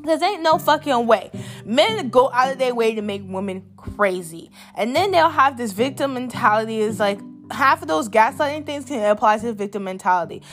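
A woman's voice: a little high, animated, moderate pace, fairly bright tone, faint music behind. A young woman vlogging a blunt, exasperated opinion rant, swearing freely and repeating her points for emphasis. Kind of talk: candid opinion rant to camera.

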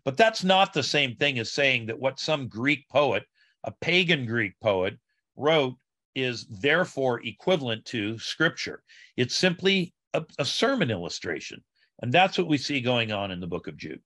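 A man speaking as a scholar guest on a podcast interview, with an explanatory, teacherly manner. His voice is bright and forward. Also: mid-range voice, very animated, moderate pace, no room sound, clean studio sound.

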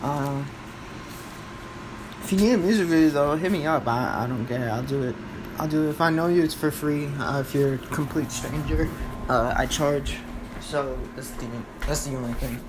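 A young man hosting a podcast from home, rambling casually and cursing, with sudden loud outbursts. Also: on the high side, moderate pace. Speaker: podcast host. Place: at home, in his room and kitchen. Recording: echoey room with background noise.

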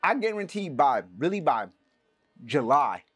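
A man's voice: on the high side, big pitch swings, measured pace, slightly rough, no echo, faint music behind. A man co-hosting a podcast in casual chat, emphatic and slangy, repeating himself to drive his points home. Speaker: podcast co-host.

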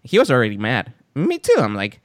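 A man hosting a podcast in casual chat, telling a story with lively acted-out quotes. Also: a little fast, no echo, studio quality. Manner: animated storyteller, acts out quotes with big pitch jumps. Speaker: podcast host.

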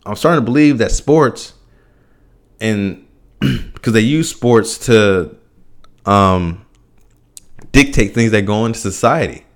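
A man's voice: lowish voice, slow pace, pauses often. A young man hosting a solo podcast, ranting with profanity, frequent restarts and bursts of laughter. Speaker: podcast host.

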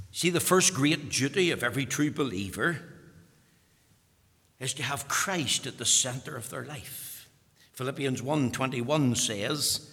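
A man preaching a sermon, emphatic and repetitive, his voice swelling to loud peaks and falling back. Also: mid-range voice, big pitch swings, unhurried. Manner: emphatic, repeating phrases, rising to loud peaks. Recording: long hall reverb.

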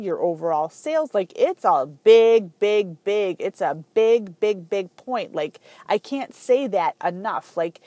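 A woman hosting a podcast, telling a story in a chatty, animated way with lots of fillers. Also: mid-range voice, dry recording. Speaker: podcast host. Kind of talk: casual podcast monologue.

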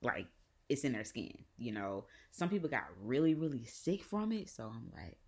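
A woman with a Southern US accent, hosting a podcast and telling a personal story in a profane, animated way with repeated phrases. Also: rumbling low, moderate pace. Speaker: podcast host. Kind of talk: casual storytelling.

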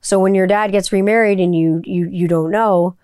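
A woman in her forties talks in a loose, rambling way, piling up fillers and cheerful swearing as she tells stories. Her pitch sits in the ordinary middle for a woman. The sound is dry and close, with no room behind it. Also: fairly even intonation, moderate pace, darkish tone, clean tone, no echo. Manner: chatty, rambling storyteller who swears freely. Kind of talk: casual chat.

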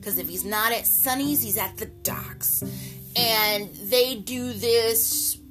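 A woman casually recapping a soap opera episode in an animated, gossipy way, using slang and an occasional swear word. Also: takes it slowly. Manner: jumps to high, loud pitch for excited retellings. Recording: music playing clearly behind the voice.

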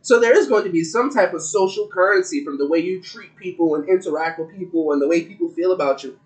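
A man in casual podcast chat, loud, profane and joking. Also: high voice, fast talker, poor audio.

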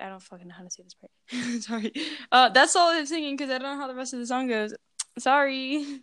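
A young woman co-hosting a comedy podcast, chatting and belting out bits of songs. Her voice sits a little high, and she laughs at her own slip-ups. The sound is dry and close to the mic. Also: a little fast, a bit bright, clear, resonant tone, dry recording. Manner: giggly, self-deprecating, sings loosely from lyrics. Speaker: podcast co-host. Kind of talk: casual comedic podcast chat and off-key singing.

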